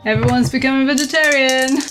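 A woman's voice: sits high, steady tone, fast. Woman gm for a horror tabletop game, dry teasing tone, faint music under it. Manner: dry, teasing, laughs often. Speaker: game master.

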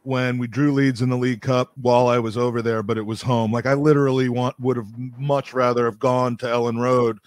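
A man's voice: mid-range voice, flat delivery, a little fast, hardly any pauses, dry recording. A man hosting a casual podcast chat, talking in a friendly, hesitant way with many fillers. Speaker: podcast host.

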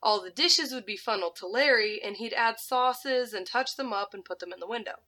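A woman casually telling a story on a podcast, animated, laughing and swearing freely. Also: on the high side, brisk. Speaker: podcast co-host.

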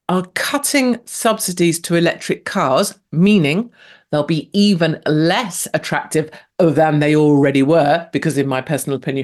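A woman in her fifties from England, hosting a show with brash, sarcastic, mocking solo commentary. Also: sits low. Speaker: host.

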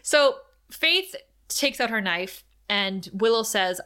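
A woman with a bright, crisp voice recaps an episode in casual conversation. She narrates scene by scene with animated energy and reads the characters' lines aloud. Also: medium pitch, a little slow. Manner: animated retelling, reads out dialogue with laughs. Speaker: podcast co-host recapping a TV episode. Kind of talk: casual chat.

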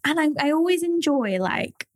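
A woman's voice: sits high, expressive, normal speed, no echo. Chatty Liverpudlian woman, dry studio sound. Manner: chatty storyteller, laughs often, swears casually. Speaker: podcast co-host. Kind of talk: casual chat.

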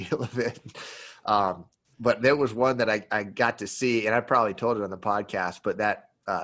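Man telling a fishing story. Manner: animated storyteller, acts out quotes in a high yelling voice. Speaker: podcast host and pro angler. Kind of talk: casual storytelling.

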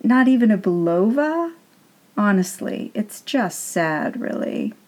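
A woman's voice: animated, slow pace, darkish tone. A woman reading aloud and voicing a calculating man with a cheeky, scornful manner. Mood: mocking. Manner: cheeky, scornful, a bit higher voice.

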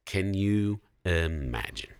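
A man casually retelling a Bible story as host, reading passages aloud in a relaxed way. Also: low voice, takes it slowly, clean tone, no room sound, studio quality.

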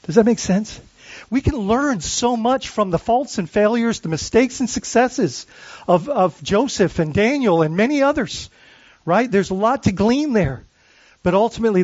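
A man's voice: sits high, a little mellow, no room sound, muffled recording. A man preaching a sermon as pastor, earnest and searching, often restarting phrases and asking the congregation questions.

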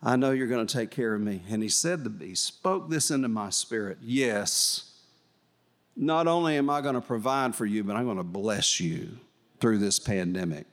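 A man's voice: fairly low pitch, lively intonation, moderate pace. An older man preaching, telling a folksy, emotional testimony with fillers and restarts. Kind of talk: sermon storytelling.

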